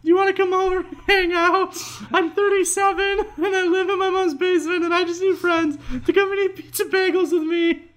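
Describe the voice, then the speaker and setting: A man voicing a lonely, needy man in his thirties who pleads for friends in a whiny, squeaky voice. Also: little pitch movement, brisk, hardly any pauses, fairly bright tone. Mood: pleading.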